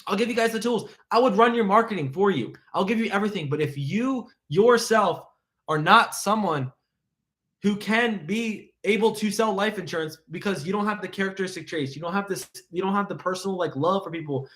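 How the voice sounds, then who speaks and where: An energetic man coaching live, his voice pitched a little high. He talks fast and excitedly and keeps piling on rhetorical questions and repetition, like a motivational speaker. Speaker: insurance sales coach.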